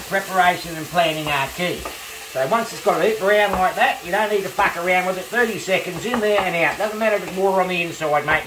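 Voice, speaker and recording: A man's voice: on the high side, background noise. A man with an Australian accent hosting a crude comic cooking show, brash and foul-mouthed as he rants his way through the recipe. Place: home kitchen. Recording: roomy and distant with faint sizzling.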